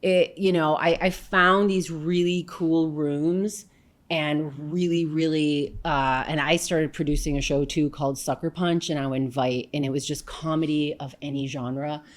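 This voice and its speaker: A New York woman, a comedian appearing as a guest in a laid-back interview, tells stories in a lively, talkative way full of fillers and side remarks. Her voice sits low and she takes her time.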